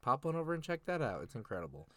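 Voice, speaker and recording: Young man, podcast co-host, excitable, slangy, mid pitch, dry close recording. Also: very fast, no echo. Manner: excitable, laughing, slangy recaps with acted-out quotes. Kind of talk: casual chat.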